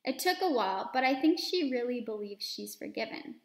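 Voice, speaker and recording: A woman reading a children's story aloud expressively, pausing to explain words and lessons to young listeners. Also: on the high side, animated, echoey room.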